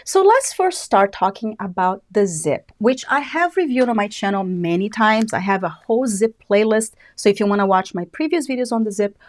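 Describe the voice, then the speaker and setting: A woman's voice: medium pitch, animated, moderate pace, few pauses. A woman with a Brazilian accent hosting a live beauty product review, chatty and enthusiastic. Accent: Brazilian Portuguese. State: a little out of breath. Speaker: beauty channel host.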